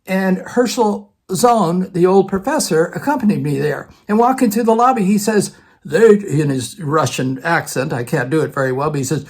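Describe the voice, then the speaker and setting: Older male storyteller, ex-theater department head, conversational and lively with quoted dialogue. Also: high-pitched, normal speed. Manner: conversational, acts out other people's lines. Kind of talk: personal storytelling vlog.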